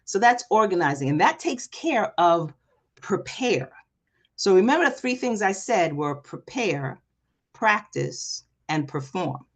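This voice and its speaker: Energetic woman coaching a live online class. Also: fairly low pitch, unhurried. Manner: energetic, talks straight to the audience with repeated questions. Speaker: presentation coach. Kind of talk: live online workshop talk. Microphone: video call.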